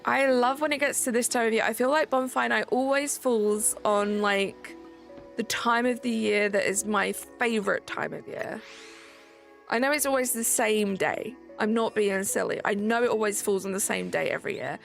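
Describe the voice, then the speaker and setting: A British woman hosts a livestream, chatting casually while gaming and reading chat. Her voice sits on the high side with vocal fry, and she talks at a moderate pace in a relaxed, rambling way, dropping "like" often. Faint music plays in the background.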